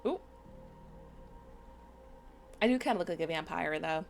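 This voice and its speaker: A woman playing a story game, reading its dialogue aloud and adding quick comments of her own. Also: low-pitched, expressive, creaky, soft background music. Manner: reads dialogue aloud between quick asides. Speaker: game streamer.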